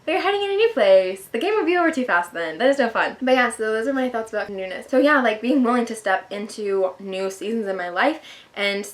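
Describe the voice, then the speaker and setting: A woman's voice: fairly high pitch, expressive, a little fast. A young woman vlogger talking earnestly and casually about her faith, chatty and self-deprecating, with lots of filler words. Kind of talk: casual devotional talk to camera.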